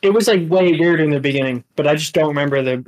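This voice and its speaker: A man co-hosting a casual podcast, telling a long story in a halting, rambling way and laughing as he goes. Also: fairly high pitch, rough recording. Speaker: podcast co-host. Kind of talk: casual chat.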